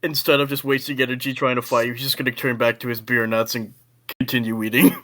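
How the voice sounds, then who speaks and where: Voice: medium pitch, level tone, fast talker, a bit bright. A game master narrating a tabletop role-playing game over an online call, loose and laughing with many fillers.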